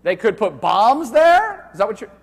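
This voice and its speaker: High, lively male lecturer in echoing hall. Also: normal speed. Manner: loud, animated, joking and profane. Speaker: university lecturer. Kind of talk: live classroom lecture. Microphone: handheld microphone.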